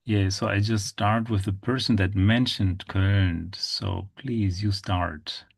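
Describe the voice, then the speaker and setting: A man's voice: lowish voice, steady tone, vocal fry, breathy edge, no echo. Patient male language teacher, very dry sound. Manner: patient, demonstrates sounds slowly. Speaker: German teacher. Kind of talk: online language lesson. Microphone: video call.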